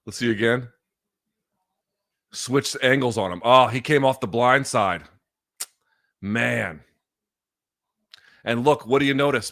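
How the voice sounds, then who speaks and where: A man hosting a live fight watchalong, going from loud excited outbursts to quiet, emotional reflection, with plenty of swearing. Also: medium pitch. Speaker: host. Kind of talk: live fight reaction commentary.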